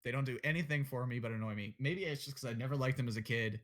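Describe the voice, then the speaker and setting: A young man co-hosting a podcast in a loose, blunt way. He gives strong opinions, drops a curse or a joke now and then, and speaks at an everyday middle pitch. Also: racing, a bit bright. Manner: blunt, opinionated, swears and jokes. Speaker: podcast co-host. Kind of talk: casual chat.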